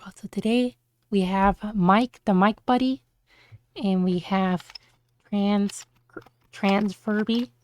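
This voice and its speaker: A woman's voice: mid-range voice, steady tone, slow, pauses often, darkish tone, clean tone, dry recording. A woman streamer chatting casually on a live stream, bubbly, with cutesy baby-talk words.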